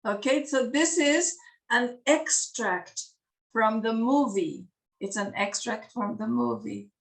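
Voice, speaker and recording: A woman teaching English to beginners, explaining slowly and patiently, repeating words and laughing often. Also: on the high side, animated, vocal fry, far from the mic. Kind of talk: slow classroom explanation to beginners.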